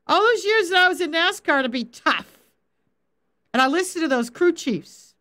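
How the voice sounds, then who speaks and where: A middle-aged faith coach leads a livestreamed Bible teaching, speaking firmly and directly to chat viewers. Her very high voice is expressive and sharp in tone, at a moderate pace.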